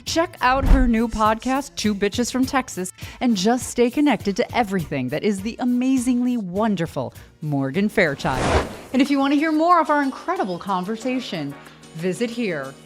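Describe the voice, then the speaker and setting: Bubbly high-voiced woman host. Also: sing-song, normal speed, faint music behind. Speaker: entertainment show host. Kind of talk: interview and scripted outro.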